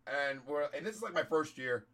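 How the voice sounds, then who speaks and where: A man with a hoarse voice, pitched a little high, spins a story as a comedian on a podcast. He talks casually and swears often. He acts out the people in the story as he goes. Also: a little fast. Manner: profane, animated storytelling with quoted voices.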